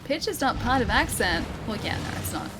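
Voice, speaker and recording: A fairly high-voiced Australian woman plays through a game on a live stream, chatting and answering her viewers with a playful, laugh-prone manner. Game music runs underneath her talk. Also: very animated, a little fast. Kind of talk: live gameplay commentary, reading chat.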